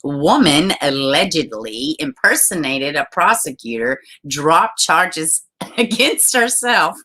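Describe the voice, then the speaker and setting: Low-pitched bright-toned woman streamer. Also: big pitch swings, slow, slightly rough. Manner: chatty, laughs often, reads viewer comments aloud. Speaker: livestream host. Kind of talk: casual live-stream chat and news reading.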